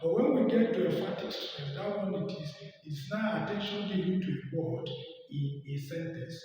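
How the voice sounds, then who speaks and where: Male teacher, high voice, emphatic and drawn-out, reverberant room, faint music underneath. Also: dark tone. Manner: emphatic and drawn-out, asks the class rhetorical questions. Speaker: English teacher. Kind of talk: online lesson. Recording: echoey room, mic at a distance, faint music.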